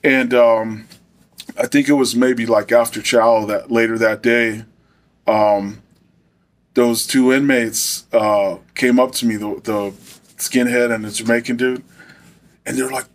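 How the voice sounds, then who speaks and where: A man's voice: mid-range voice, steady tone, measured pace. A man who is a former correctional officer, telling a profane, swaggering story to camera with laughs along the way.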